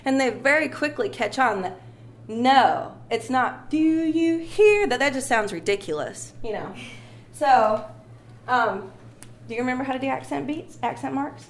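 A woman's voice: on the high side, normal speed. A woman teaching a music lesson, patient and encouraging, sometimes singing short phrases to demonstrate. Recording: echoey room with faint ambient noise.

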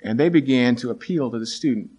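A middle-aged man, a teacher, tells a story about his students in a voice of ordinary pitch. He speaks earnestly and haltingly, often restarting sentences. His voice lifts when he quotes the students. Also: warm tone, slightly rough. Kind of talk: storytelling talk.

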